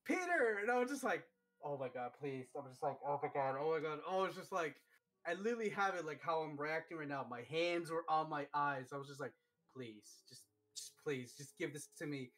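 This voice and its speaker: A man hosting a live stream, chatting casually and telling stories excitedly, with lots of fillers. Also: a little high, fairly quick, faint music behind. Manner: excitable, animated storytelling with many fillers. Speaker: streamer host. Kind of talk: casual chat.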